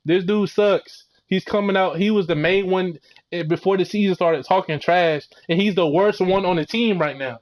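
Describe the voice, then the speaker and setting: Young guy going off about his football team, kinda high voice, slangy and fed up. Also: normal speed. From Florida. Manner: heated, exasperated ranting with slang and mock quotes. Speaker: sports vlogger. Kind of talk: ranting sports recap.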